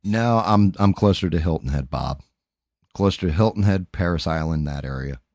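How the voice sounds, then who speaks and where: A man's voice: low voice, animated, moderate pace, darkish tone, dry recording, studio quality. A middle-aged man hosting a livestream, chatting casually and candidly with his viewers in a rambling way, swearing freely. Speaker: livestream host. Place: home.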